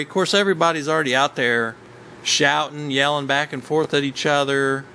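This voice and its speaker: Man, casual storyteller, rambling, filler words, bright forceful voice. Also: a little high, fairly even intonation, moderate pace, a little hiss or hum, rough recording. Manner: rambling, with many ums and uhs. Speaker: hunter telling a story.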